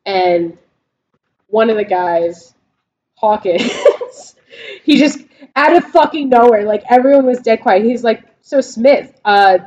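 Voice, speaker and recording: A woman's voice: on the high side, takes it slowly, mellow, a little hiss or hum. A woman co-hosting a casual veterans' podcast, telling stories with lots of swearing and laughter. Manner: profane, laughing storyteller. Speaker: podcast co-host, Marine veteran. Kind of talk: casual chat. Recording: dull lo-fi sound.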